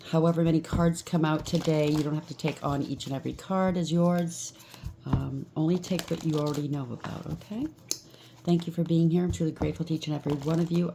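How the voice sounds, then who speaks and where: A woman with a low, vocal-fry voice does a collective tarot reading from home, reassuring her viewers with frequent fillers and a repeated "okay?". A washing machine runs behind her, adding background noise.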